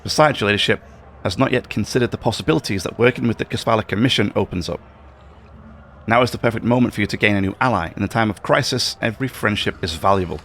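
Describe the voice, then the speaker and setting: A man reading the lines of a scheming male conspirator aloud from a game, in a level tone, with a gravelly, lowish voice. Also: quick pace, fairly bright tone, slight background noise. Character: scheming male station conspirator, cold and persuasive.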